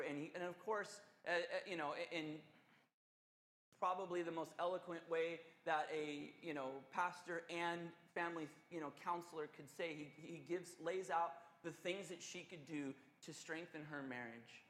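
High-voiced pastor preaching in an echoey hall. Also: male voice, moderate pace, slight background noise. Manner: animated, conversational, earnest. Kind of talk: sermon with storytelling.

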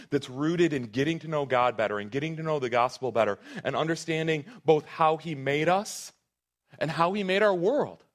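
A man preaching a sermon to his congregation in an earnest, conversational way, often restarting his phrases. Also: medium pitch. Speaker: pastor.

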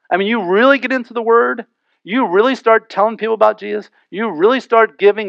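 A middle-aged male pastor preaching a sermon in a church, animated, asking rhetorical questions and acting out quoted voices. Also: sits high, no room sound, rough recording.

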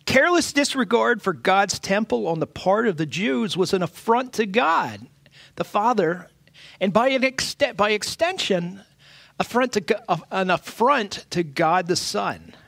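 A middle-aged man preaching a sermon as pastor, earnest and halting, often restarting his phrases. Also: high voice, expressive, gravelly, a bit bright, no room sound.

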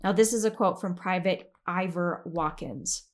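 A woman's voice: fairly low pitch, moderate pace. Woman podcast host chatting through a history recap, lots of ums and little laughs. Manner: chatty, giggles often, many fillers.

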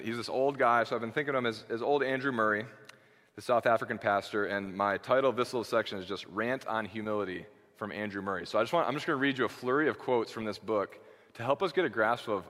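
A man's voice: medium pitch, a bit bright, in a large hall. A male pastor preaching a sermon in a conversational way, checking in with "okay" and restarting phrases.

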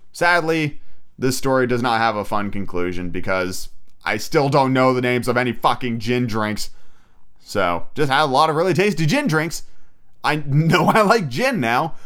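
A man's voice: medium pitch, moderate pace, a bit bright, clean tone. A young man hosting a podcast, telling a rambling, profane, self-mocking travel story. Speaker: podcast host. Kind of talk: casual storytelling.

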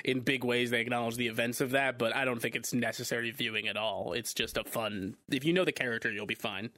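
A man's voice: mid-range voice, steady tone, fast talker, bright, forceful tone, dry recording. Rambling male podcast co-host. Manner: rambling, hedging, many "like"s. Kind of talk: casual movie discussion.

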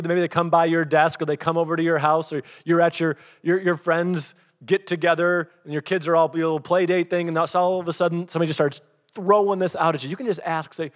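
A man's voice: fairly high pitch, moderate pace, big-room sound. A middle-aged man preaching a sermon as pastor, telling stories and acting out what people said. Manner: storytelling, animated, acts out quotes.

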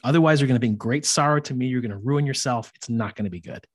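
Soft-spoken mystery husband, earnest and gentle, voiced by a man with a husky tone. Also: medium pitch, rapid-fire, no echo, clean studio sound, natural voice. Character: gentle unseen husband, warning and kind.

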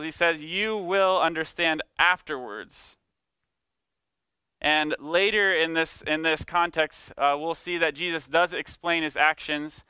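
A man preaching a sermon, emphatic, slowing down to stress key words and acting out quoted speech. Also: a little high, pushed and bright, clear, resonant tone, dry recording. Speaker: pastor.

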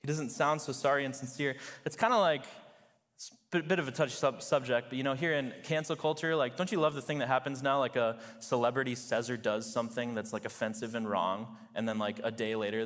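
A man's voice: mid-range voice, steady tone, fairly quick, a bit bright. A male pastor preaching a sermon in a loose, conversational way, full of "like" and "you know". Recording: long reverb of a large hall.

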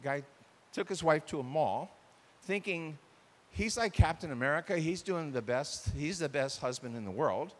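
Animated man preaching in a reverberant hall. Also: fairly high pitch, normal speed. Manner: animated, acts out quoted spouses. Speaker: pastor. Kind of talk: sermon on marriage communication.

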